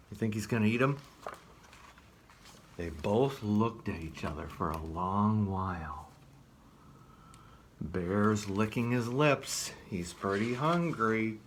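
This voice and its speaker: A man reading a picture book aloud as a children's librarian, gently asking the listener questions. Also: lowish voice, slight background noise.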